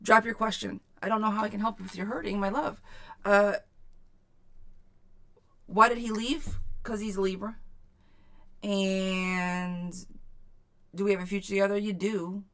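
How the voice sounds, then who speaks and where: A woman's voice: medium pitch, steady tone, unhurried, long pauses, a bit bright. A woman giving a live tarot reading to viewers, chatty and frank, swearing casually and calling people sweetheart. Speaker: tarot reader.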